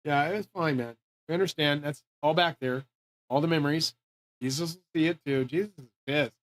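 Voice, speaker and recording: A man's voice: fairly high pitch, brisk, no echo. A man hosting his channel, ranting casually and profanely in an agitated way. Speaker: channel host. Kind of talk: casual rant to camera.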